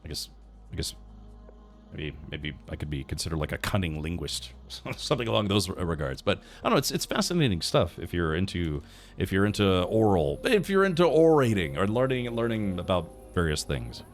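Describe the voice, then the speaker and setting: A man's voice: low-pitched, very animated, brisk, faint music behind. A man streaming a video game, chatting casually, rambling and thinking aloud with lots of fillers and restarts, and reading chat and quest text aloud. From United States. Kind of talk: casual livestream chat while gaming.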